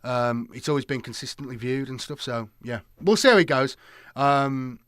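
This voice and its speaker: A man's voice: mid-range voice, moderate pace, fairly bright tone, clean tone, no echo, studio quality. A man chatting casually to his live-stream viewers, rambling and repeating himself with many fillers.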